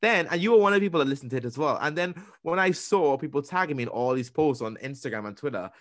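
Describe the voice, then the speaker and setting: A man's voice: fast, no echo, clean studio sound. A young man, a radio presenter and podcaster, chatting casually and acting out the voices of the people in his story. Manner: animated, acts out quoted voices with big pitch jumps.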